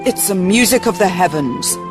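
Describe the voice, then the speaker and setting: A stately circus ringmaster, put on by a woman reading aloud speaks slowly in a lowered, lively voice. Music is clearly heard behind. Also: lightly acted. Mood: admiring. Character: grand old circus ringmaster, man.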